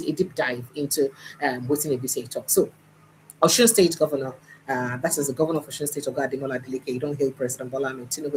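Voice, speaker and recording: A lower-voiced woman with a Nigerian accent reads newspaper headlines on a livestream and comments on them. She moves between standard English and Pidgin. A faint hiss sits under her voice. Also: darkish tone, low-quality recording. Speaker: news commentator.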